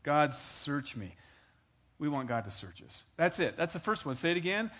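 A man preaching a sermon, moving between conversational storytelling and loud, emphatic exhortation, calling on his congregation to answer back. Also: fairly high pitch, very animated, fast. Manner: emphatic, engages the congregation with call and response. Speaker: pastor.

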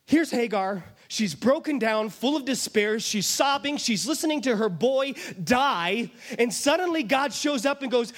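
A man's voice: very high-pitched, animated, normal speed. A man preaching a sermon, retelling a scripture story with emphatic storytelling and acting out the voices of its people. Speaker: pastor.

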